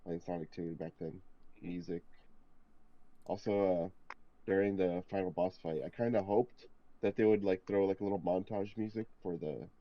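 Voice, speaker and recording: Laid-back man with a very low voice. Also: fairly even intonation, moderate pace, dull audio. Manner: laid-back, hesitant, many fillers. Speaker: podcast co-host. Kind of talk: casual chat.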